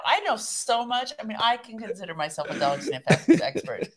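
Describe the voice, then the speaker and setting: A woman's voice: fairly high pitch, sing-song, moderate pace. A woman co-hosting a talk show, chatting casually, agreeing with her guest and finishing his sentences. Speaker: co-host reading viewer comments. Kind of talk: casual chat.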